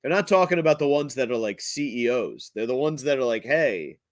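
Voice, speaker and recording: A man hosting his own comedy show, delivering a profane rant in a blunt, crude, halting way. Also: medium pitch, lively intonation, no room sound. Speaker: podcast host and comedian.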